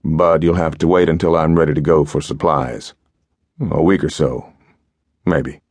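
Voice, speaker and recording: Man doing a scheming settler, slow, offhand, falsely friendly, very deep, dry sound. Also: fairly even intonation, darkish tone, dry recording. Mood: thoughtful.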